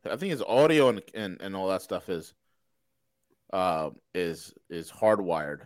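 A man hosts a casual podcast with a lively, up-and-down voice. He jokes and teases like a hype man. The recording is dry and close. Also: low-pitched, a little slow, no echo. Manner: joking, teasing, hype-man banter. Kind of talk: casual chat.

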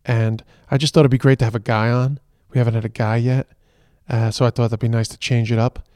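A man's voice: mid-range voice, level tone, brisk, a little mellow, no echo. An Irish man co-hosting a podcast in casual chat, talking in loose, restarting phrases. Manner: chatty, restarts phrases often. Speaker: podcast co-host. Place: moving car. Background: traffic and train noise.

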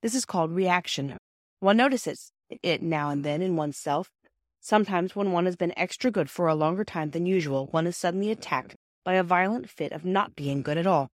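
A woman's voice: fairly low pitch, a little fast, no room sound, clean studio sound. Woman reading a storybook aloud. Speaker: audiobook reader. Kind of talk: storybook narration.

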